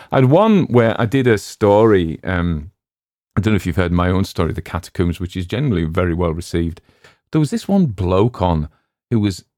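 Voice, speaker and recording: A man's voice: lowish voice, a little mellow, dry recording, clean studio sound. A middle-aged man with a Cumbrian accent, chatting casually as a story channel's host, rambling and self-deprecating with many fillers and restarts. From West Cumbria, England. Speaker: audiobook narrator and channel host. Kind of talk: casual chat.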